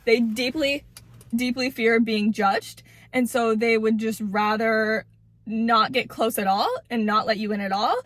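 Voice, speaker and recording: A woman's voice: fairly high pitch, steady tone, measured pace, a bit bright, no echo. A woman giving casual relationship advice to camera, blunt and emphatic, swearing freely and repeating words for stress.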